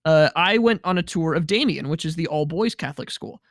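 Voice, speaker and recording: A man's voice: on the high side, lively intonation, a little fast, no echo, studio quality. A man co-hosting a film podcast, telling a story in a wry, joking, laid-back way. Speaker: podcast co-host. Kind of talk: casual storytelling chat.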